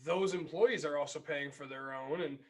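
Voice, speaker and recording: Casual podcast co-host, high-pitched man, animated storyteller, sounds a little distant. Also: normal speed. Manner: animated storyteller who acts out both sides of the dialogue. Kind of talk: casual chat.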